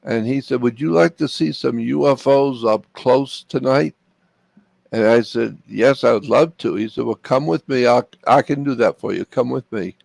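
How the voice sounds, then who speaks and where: Older man from Florida, gravel in the voice, dry close sound, earnest storyteller. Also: medium pitch, normal speed, a little mellow, no echo. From Florida, USA. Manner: earnest, repeats phrases for emphasis. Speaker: interview guest. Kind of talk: personal storytelling.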